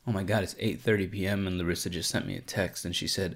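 A man's voice: deep voice, fairly even intonation, quick pace, few pauses. A man hosting a casual solo podcast, rambling and swearing a lot, with plenty of "like" and "um". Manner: profane, rambling, lots of "like" and "um". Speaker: podcast host.

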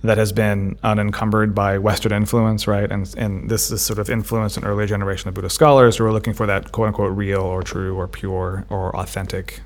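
A man's voice: lowish voice, little pitch movement, brisk, hardly any pauses. A man co-hosting a podcast, talking through ideas in a thoughtful casual way and often repeating words as he thinks. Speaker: podcast co-host. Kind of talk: casual discussion.

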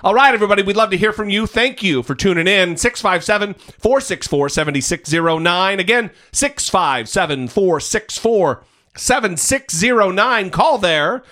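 A man's voice: high voice, animated, moderate pace, bright, forceful tone. A man hosting a political podcast, talking in a heated, emphatic way and cursing freely. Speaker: podcast host. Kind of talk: casual political chat.

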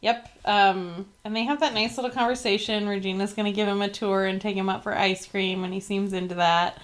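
A woman's voice: mid-range voice, a little fast. A woman co-hosting a podcast, casually leading the talk with frequent fillers. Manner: relaxed, leads the rundown, frequent "like" and "um". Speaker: podcast co-host. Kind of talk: casual chat.

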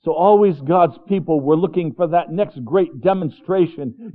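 A man preaching a sermon, slow and storytelling, dropping his voice soft when he voices God's words. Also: a little high. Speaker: pastor. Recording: tinny phone-like lo-fi recording.

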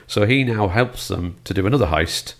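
A man's voice: lowish voice, normal speed. An older man chatting about films as a guest, telling stories with a dry sense of humor. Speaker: film guest. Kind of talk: casual film chat.

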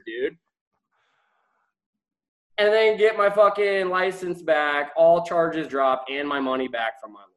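A man's voice: on the high side, unhurried, long pauses, rough recording. A young man, a guest entrepreneur, telling stories in a casual interview, swearing freely and laughing often. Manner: animated, profane, laughs often.

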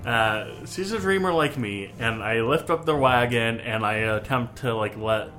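A man joking his way through a tabletop game as a player, at an ordinary middle pitch. He laughs often. Faint music plays behind him. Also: animated, normal speed, bright, forceful tone.

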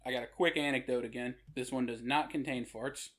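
A man's voice: medium pitch, fairly even intonation, brisk, fairly bright tone. A man hosting a podcast, telling jokey anecdotes in casual conversation. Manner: joking anecdotal storyteller. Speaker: podcast host.

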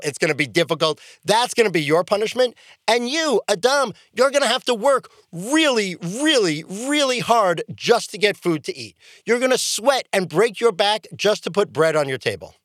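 Guy doing a laid-back God character, talks like a buddy, lively ups and downs, dry close sound. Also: sits high, no room sound. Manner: breezy, modern slang. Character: casual chatty God laying down law.

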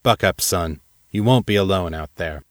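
A man's voice: low voice, moderate pace, dry recording, close to an everyday voice. A man voicing a blunt, commanding older Air Force colonel who swears freely and talks dryly. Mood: encouraging. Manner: profane, commanding, dry.

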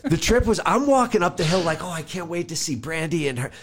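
A man's voice: fairly high pitch, lively intonation, fast talker, slight background noise. A man telling a long story in casual chat, rambling and leaving sentences unfinished as he acts out his own thoughts.

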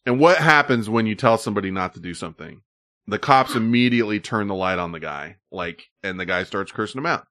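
A man's voice: on the low side, expressive, fairly quick, bright, forceful tone. A man hosting a podcast in casual chat, laughing often and talking loosely and profanely. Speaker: podcast host. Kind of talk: casual chat about viral videos.

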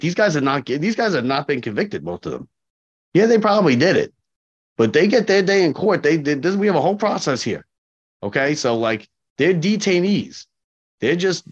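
A man who works as a corrections officer, telling stories casually in an interview, acting out the dialogue and repeating points for emphasis. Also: mid-range voice. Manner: animated, acts out dialogue, repeats himself for emphasis. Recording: slightly dull lo-fi audio.

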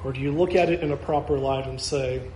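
A man's voice: medium pitch, steady tone, fairly quick, a little mellow, echoey room, slight background noise. A man preaching a sermon as pastor, earnest and repetitive, asking his listeners question after question.

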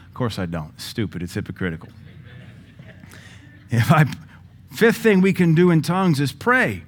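A male pastor teaching a sermon in a lively, joking way, now and then breaking into praying in tongues. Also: fairly high pitch, moderate pace, pauses often, a little hiss or hum.

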